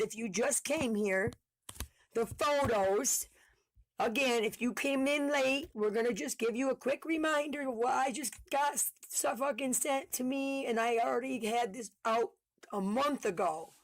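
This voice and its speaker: A woman's voice: sits high, dry recording. Heated woman in a dry recording. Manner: heated, swearing, fast-talking. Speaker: online commentator. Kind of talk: casual commentary video.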